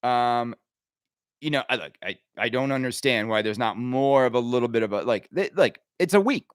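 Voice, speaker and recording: A man hosting a podcast, ranting casually with sarcasm and quick asides. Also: medium pitch, smooth, no echo, studio quality. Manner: animated, sarcastic, riffing with laughs and mock impressions. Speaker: podcast host.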